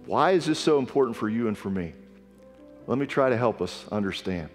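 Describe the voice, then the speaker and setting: A man's voice: medium pitch, expressive, brisk, long reverb tail, faint music behind. A man preaching a sermon with earnest emphasis, reading scripture aloud. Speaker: pastor. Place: church sanctuary.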